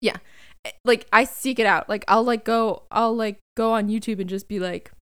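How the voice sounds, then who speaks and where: Young adult woman, podcast co-host, chatty and animated, smooth clear voice. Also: a little high, moderate pace. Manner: chatty, animated, laughs and acts out reactions. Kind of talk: casual fan podcast chat.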